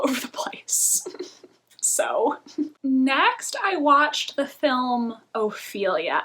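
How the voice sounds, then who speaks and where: A woman's voice: a little high, bright, forceful tone. A young woman vlogging casual TV reviews, chatty and opinionated, laughing often as she talks. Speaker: book and TV vlogger.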